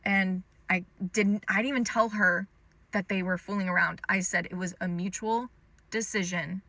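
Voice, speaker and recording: Speaking straight to the camera, a young woman with a bright, clear, medium-pitched voice tells a personal story in a casual storytime monologue. As a storytime creator, she chats loosely at normal speed in a steady tone, sprinkling in plenty of "um" and "like". The audio is close and dry, with no room echo.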